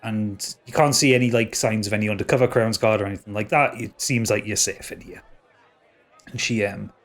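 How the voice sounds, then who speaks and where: A man's voice: fairly low pitch, steady tone, brisk, a faint crowd. A man narrating as game master of a tabletop game, often stopping and repeating words.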